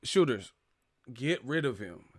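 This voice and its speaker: A man hosting a live chat stream, talking casually and trash-talking commenters with loud bursts and laughs. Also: mid-range voice, very animated, measured pace, no room sound, clean studio sound. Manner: brash trash talk, frequent laughing.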